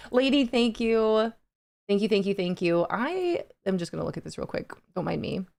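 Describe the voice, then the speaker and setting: A young woman hosts a relaxed gaming stream and chats easily with her viewers. She reads their comments aloud and often breaks into giggles. Her voice sits at a middle pitch, recorded close and dry with no room sound. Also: a little slow, gravelly, long pauses, dry recording. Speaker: livestream gaming host. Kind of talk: casual chat with live chat.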